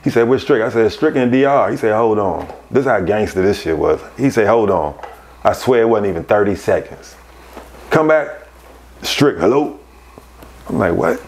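A man, a podcast guest, telling casual stories, animated and laughing as he acts out other people's voices. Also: fairly low pitch, normal speed, creaky. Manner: animated, laughs through his anecdotes. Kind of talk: casual storytelling.

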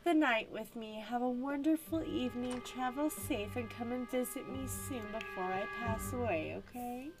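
A woman voicing a frail old parent in a life-sim game, speaking in a gentle, fond way. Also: fairly high pitch, normal speed, few pauses, lightly acted. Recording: music playing behind.

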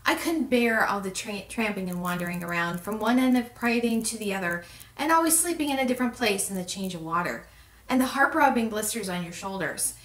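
A woman voicing a self-pitying male giant who moans and pleads loudly, in a roomy, distant recording. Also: fairly high pitch, animated, normal speed. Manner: loud, moaning and pleading. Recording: roomy echo, distant mic.

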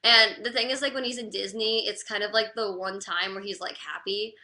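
A young woman crying through a livestream chat, halting and apologetic, with the word "like" in almost every phrase. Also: mid-range voice, fairly even intonation, pushed and bright. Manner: halting, apologetic, full of "like" fillers.

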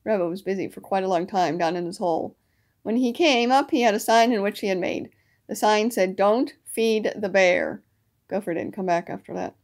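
A woman's voice: mid-range voice, a little fast, darkish tone. Woman reading a children's storybook aloud.

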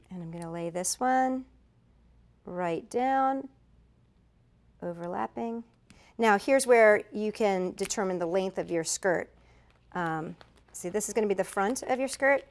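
A middle-aged woman giving a chatty step-by-step craft tutorial, correcting herself as she demonstrates. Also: medium pitch. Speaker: craft instructor.

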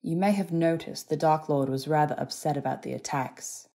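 A woman's voice: deep voice, steady tone, brisk, darkish tone. A woman voicing a bitter, worn-down young man who speaks in a clipped, cold and bland way in an audiobook reading.

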